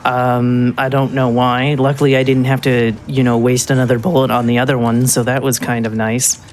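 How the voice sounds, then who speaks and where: A speedrunner talks through a live run in a casual, rambling way, stopping and restarting with plenty of ums. The pitch sits in an ordinary middle range, with a faint hum of noise behind. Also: flat delivery, normal speed. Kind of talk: live gameplay commentary.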